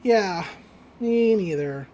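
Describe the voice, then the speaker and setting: Young adult woman, casual podcast co-host, chatty and rambling, mid-range pitch. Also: expressive, slow, mellow, a little hiss or hum. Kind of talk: casual episode recap chat.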